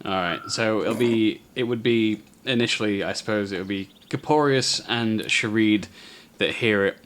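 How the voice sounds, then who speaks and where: A man narrating a tabletop game as game master, telling the scene in an unhurried, descriptive way. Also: fairly low pitch, fairly bright tone, slight background noise.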